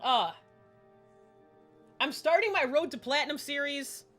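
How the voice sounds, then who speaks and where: A woman's voice: high voice, animated, a little slow, fairly bright tone, faint music behind. A woman chatting casually while streaming a game, rambling and laughing often. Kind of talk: casual live-stream gaming chat.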